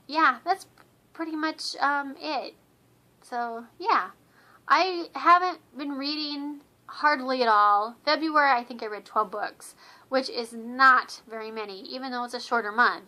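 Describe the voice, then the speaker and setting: Bright, chatty woman vlogger. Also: high-pitched. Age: adult with children. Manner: chatty and rambling, many fillers and restarts; enthusiastic, repeats words for emphasis. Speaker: book vlogger. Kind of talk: casual vlog chat.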